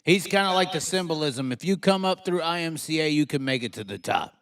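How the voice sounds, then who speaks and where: A man hosting a casual live stream, rowdy and crude, joking around with sudden excited outbursts. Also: a little high, brisk. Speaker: livestream host.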